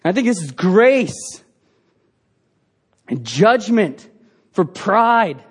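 A man's voice: high voice, sing-song, extremely slow, breathy edge. A man preaching a sermon as pastor, earnest and emphatic, asking the congregation rhetorical questions.

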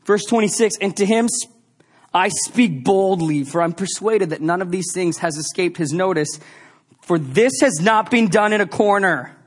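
A man's voice: high voice, moderate pace. A male pastor preaching a sermon, emphatic and repetitive, then slipping into a confiding personal story. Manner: emphatic, repeats lines, shifts to confiding storytelling.

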